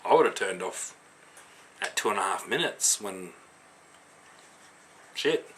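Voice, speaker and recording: A man's voice: deep voice, animated, takes it slowly, a bit bright, a little hiss or hum. Tipsy Australian man ranting about beer. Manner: swearing, slangy, rambling. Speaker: homebrewing vlogger. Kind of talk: casual rant to camera.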